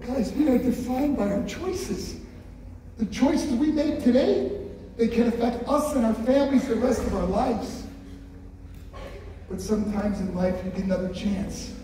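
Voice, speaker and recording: A high-pitched man tells his story to a school assembly with strong emphasis, turning again and again to the crowd. His voice comes from far off in a big hall with a long, heavy echo. Faint music sits under it. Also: measured pace, long pauses. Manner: emphatic storytelling, addresses the audience directly. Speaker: motivational speaker. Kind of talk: motivational speech to a school assembly. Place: large hall with an audience.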